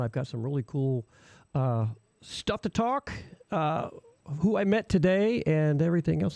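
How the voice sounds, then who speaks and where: A man's voice: mid-range voice, gravelly, mellow, no room sound. Chatty man hosting live radio. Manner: rambling, chatty, with frequent fillers. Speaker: radio show host. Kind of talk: casual live radio chat. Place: small home radio studio.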